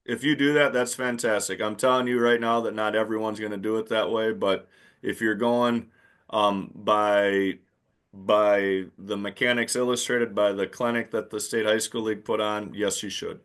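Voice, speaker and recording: A man's voice: lowish voice, steady tone, moderate pace, a bit bright. A man teaching new basketball officials in a plain-spoken, emphatic way, acting out the calls he makes on court. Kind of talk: instructional talk to new officials.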